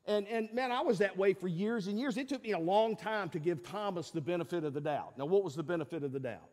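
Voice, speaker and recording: A man's voice: high voice, fast talker, darkish tone, in a large hall. A male pastor, preaching a sermon in a conversational, folksy way with fillers and emphatic peaks.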